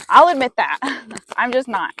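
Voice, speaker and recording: A woman's voice: on the high side, bright, forceful tone. A woman horse trainer talking through a training session on a clip-on mic, chatting to viewers and cooing praise to her horse. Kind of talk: mic'd-up training commentary. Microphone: clip-on mic while working a horse.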